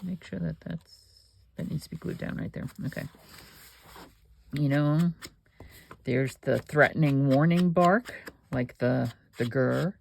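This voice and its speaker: A woman hosts a crafting video, chatting and thinking aloud with rambling asides as she works. Her voice is deep and darkish, a little slow, with vocal fry and frequent pauses, and there's slight background noise.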